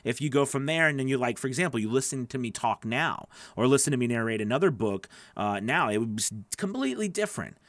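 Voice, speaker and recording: A man's voice: medium pitch, animated, fast, few pauses, no room sound. A man coaching voice actors on a live stream, chatty and encouraging as he answers viewer questions into a studio microphone. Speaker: voice-over coach.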